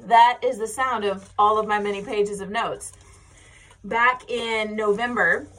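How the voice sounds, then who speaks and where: Bright, chatty American woman host. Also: medium pitch. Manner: chatty and animated, laughing often. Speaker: podcast host. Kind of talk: casual chat.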